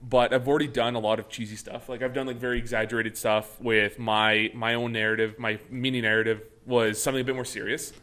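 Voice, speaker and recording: A man's voice: mid-range voice, little pitch movement, a bit bright. A young man chatting casually on a podcast, swearing and restarting his sentences. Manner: fast, swearing, hesitant restarts. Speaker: podcast co-host. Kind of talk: casual chat.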